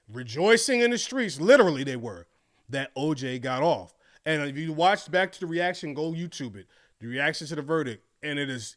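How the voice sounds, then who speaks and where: A man, hosting a casual commentary podcast and telling stories with animated swings in voice. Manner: animated storytelling, swings loud and high when recounting reactions. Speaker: podcast host.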